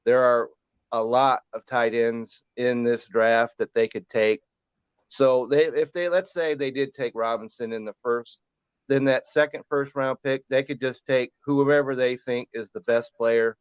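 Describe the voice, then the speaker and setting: A man co-hosting a fantasy football show, giving relaxed, rambling draft analysis in casual chat. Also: mid-range voice, measured pace, clear, resonant tone, no room sound, lo-fi sound.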